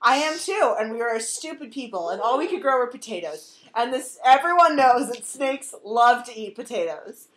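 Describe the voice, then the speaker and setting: A woman's voice: fairly high pitch, sing-song, moderate pace, hardly any pauses, rough recording. A young woman telling a rambling drunk story at a house party, giggly and swearing.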